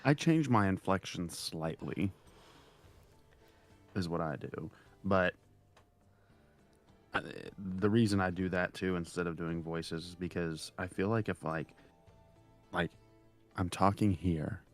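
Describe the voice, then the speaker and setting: A man's voice: low voice, slow pace, long pauses, soft background music. A man chatting as a guest on a livestream, easygoing and agreeable, often giving short replies. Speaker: guest, sleep story narrator. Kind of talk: casual chat.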